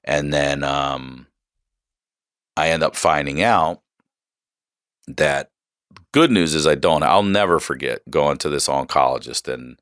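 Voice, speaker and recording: A man's voice: extremely low pitch, animated, slow, long pauses, a bit bright, smooth, dry recording, clean studio sound. A man in his forties, a podcast guest, candidly retelling a personal story in casual, profane, emphatic talk.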